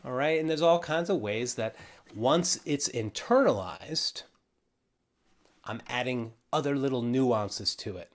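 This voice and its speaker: A man teaching a ukulele lesson on a livestream, relaxed and encouraging, counting out beats as he explains. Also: medium pitch, measured pace, faint music behind. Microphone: livestream camera mic.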